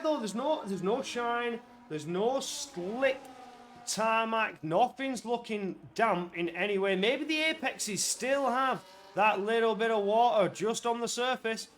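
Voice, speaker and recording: Man, racing commentator, high voice, excitable, live streamed race, faint background hum. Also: unhurried. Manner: excitable, rises to shouts at action.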